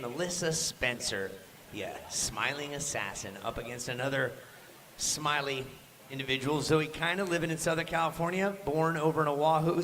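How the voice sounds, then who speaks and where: A man's voice: mid-range voice, a bit bright. A man commentating live at a surf contest, upbeat and jokey, hyping up the crowd.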